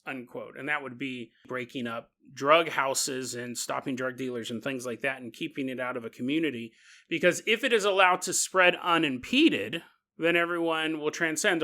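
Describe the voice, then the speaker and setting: Bright-voiced animated male podcast host. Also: on the high side. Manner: animated, jokey, acts out quotes in voices. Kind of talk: comedic conspiracy podcast monologue.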